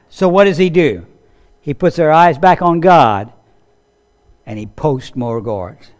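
A pastor preaching with a slightly high voice. He is conversational and tells his stories vividly. He keeps turning to the listeners with questions. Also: takes it slowly, long pauses. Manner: animated storytelling that acts out quoted voices. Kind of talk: sermon.

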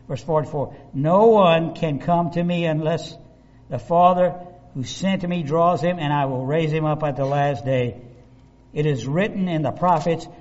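Man, preacher, animated sermon, slightly high voice, dull lo-fi sound. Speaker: pastor. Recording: dull lo-fi recording.

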